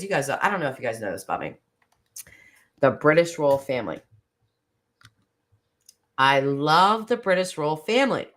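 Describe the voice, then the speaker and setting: A woman's voice: rumbling low, a bit bright. A woman hosting a casual livestream chat, gushing and chatty, wandering off on tangents and laughing often. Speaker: host.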